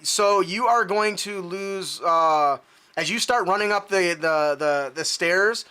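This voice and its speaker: A man's voice: sits high, slow, bright, forceful tone, clear, resonant tone. A man narrating a tabletop game as game master, loose and laughing, with plenty of fillers.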